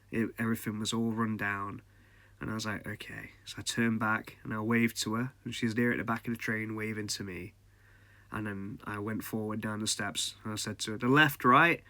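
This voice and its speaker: A man's voice: fairly low pitch, a bit bright, dry recording. A man, casually telling a personal ghost story as a podcast host, chatty and often laughing.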